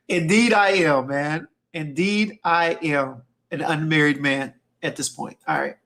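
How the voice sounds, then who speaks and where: Pitched fairly high with a fairly bright tone, he talks at a measured pace with few pauses. He's running a casual fragrance livestream through a streaming mic, reading viewer comments aloud loosely and with slang while repeating himself.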